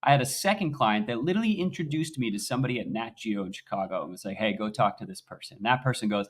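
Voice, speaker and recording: A young man, a podcast guest, telling his story in an animated, swinging voice that rises loud and high as he gets excited. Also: quick pace, hardly any pauses. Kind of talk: conversational interview.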